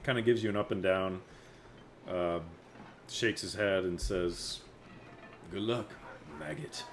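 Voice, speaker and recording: A man narrating a tabletop game as game master, slow and unhurried, with many fillers. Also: deep voice, steady tone, a little hiss or hum.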